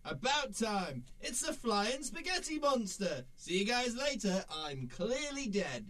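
A cheeky, irreverent old stoner grandfather in his nineties, played by a man with a British accent. He speaks in a high, breezy voice and waves off everything. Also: sing-song, a little slow, sharp tone, full character voice. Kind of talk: sketch comedy acting.

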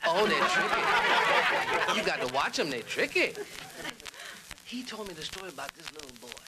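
A man's voice: fairly high pitch, big pitch swings, moderate pace, over a noisy crowd. A male comedian telling a storytelling routine in jive slang, on a crackly old record.

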